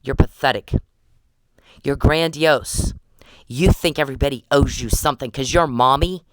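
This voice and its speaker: A woman's voice: extremely low pitch, no echo. Angry woman ranting at the camera. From United States. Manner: confrontational, profane, accusing. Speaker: vlogger. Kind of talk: angry direct-address rant.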